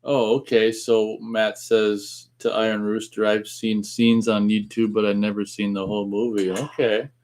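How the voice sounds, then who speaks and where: A man's voice: fairly low pitch, little pitch movement, moderate pace, hardly any pauses, a little mellow. A man co-hosting a casual live radio-style stream, reading viewers' comments aloud and chuckling between them. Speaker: co-host.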